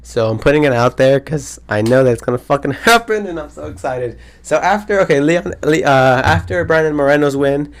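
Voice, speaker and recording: With a fairly high voice, a slightly fast pace and few pauses, this roughly twenty-year-old man hosts a solo podcast. His casual talk is hyped and meandering, packed with slang and cursing.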